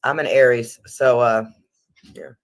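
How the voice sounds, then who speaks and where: A woman's voice: extremely low pitch, steady tone, unhurried. A woman hosting a casual livestream, chatting and swearing freely with her viewers. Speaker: livestream host.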